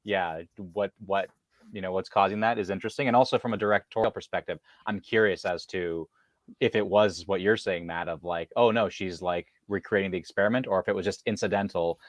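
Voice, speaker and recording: A man's voice: low voice, steady tone, brisk, no room sound, clean studio sound. A man co-hosting a casual film discussion, talking with many fillers and restarts. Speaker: podcast co-host.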